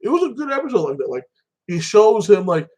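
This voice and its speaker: A man's voice: high voice, very animated, fairly quick, darkish tone. A man casually recapping TV and anime episodes in a loose, rambling way, full of filler phrases. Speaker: TV and anime reviewer.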